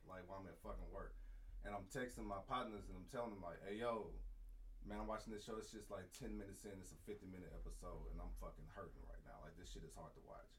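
A man's voice: fairly low pitch, a little hiss or hum, poor audio. A young man, a podcast co-host, telling a heartfelt story in casual, profane chat.

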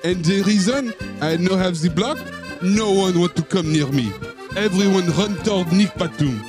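A man's voice: high voice, voice pushed up. A man voicing an indignant, boastful French basketball center in a put-on French accent, speaking broken English mixed with French.

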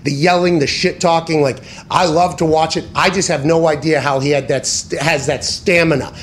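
Male sports-talk host, slightly high voice, emphatic and foul-mouthed, faint background noise. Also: normal speed. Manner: profane, animated, emphatic; tangents and self-corrections.

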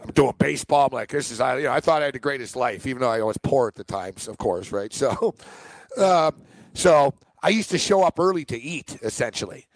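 A man hosting a sports podcast, telling stories in an animated, chatty way and laughing along. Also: medium pitch, brisk, no room sound. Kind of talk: casual sports chat.

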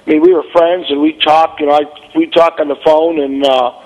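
A man's voice: fairly high pitch, flat delivery, fairly quick, a little mellow, dull audio. Easygoing male guest in a reverberant room. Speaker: guest musician. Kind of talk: casual interview chat.

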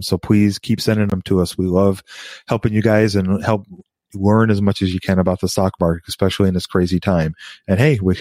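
Man, podcast host, very low voice, relaxed, friendly, dry recording. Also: no room sound. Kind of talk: casual podcast sign-off.

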